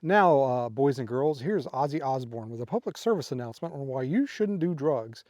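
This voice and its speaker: Putting on a showy announcer delivery, a man voices a radio announcer. His medium-pitched voice is animated, a little mellow and close to an everyday voice, at a moderate pace, recorded clean in a studio with no room sound.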